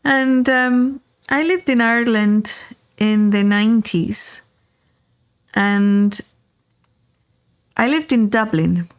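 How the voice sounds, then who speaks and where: A woman's voice: a little high, slow pace, pauses often. A middle-aged woman hosting a casual talk show, telling rambling personal anecdotes with many fillers while riding in a car. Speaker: podcast host. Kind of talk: casual storytelling chat.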